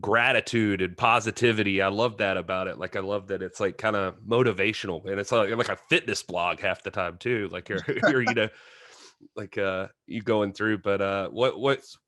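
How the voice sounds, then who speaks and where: A man's voice: on the low side, normal speed, fairly bright tone, no room sound, clean studio sound. A man hosting a podcast, asking rambling, hesitant questions with lots of fillers. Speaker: podcast host. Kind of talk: casual interview chat.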